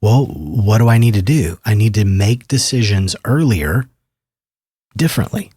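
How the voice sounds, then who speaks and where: A man in his fifties, a therapist guesting on a podcast, talks at a calm and measured pace. His voice is a little husky and sits low. The sound is dry and close to the mic. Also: dry recording. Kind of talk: podcast interview.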